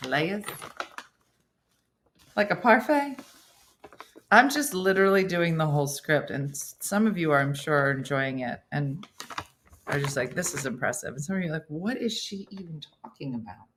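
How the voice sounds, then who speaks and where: A woman's voice: low-pitched, normal speed, pauses often, slight background noise. A middle-aged woman hosting a casual morning show, joking with viewers while she cooks. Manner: animated, jokey, talks to viewers while cooking. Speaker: host.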